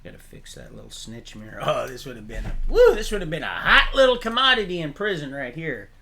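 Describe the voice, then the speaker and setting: Gravelly bright-voiced guy on a livestream, preachy and rambling, laughs at his own jokes. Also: fairly high pitch, a little fast. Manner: animated, preachy, jumps between topics. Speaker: livestream host.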